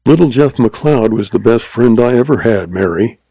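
A weary cowboy hero speaks quietly and steadily, as a male narrator voices him. The voice is low-key with a gravelly fry. It is dark and a little husky, in a dry, close recording. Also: animated, moderate pace, no room sound, rough recording.

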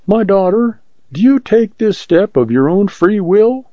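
A man's voice: high-pitched, big pitch swings, moderate pace, dark tone, no room sound, pitched above the performer's own voice, full character voice. A man voicing a frail, timid old male preacher who talks in a fretful, trembling way. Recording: muffled lo-fi recording.

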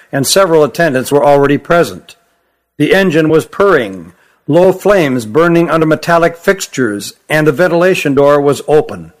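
A man reading a fantasy novel aloud as the narrator, in a steady, even storytelling manner. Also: on the high side. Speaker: audiobook narrator. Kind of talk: scripted narration.

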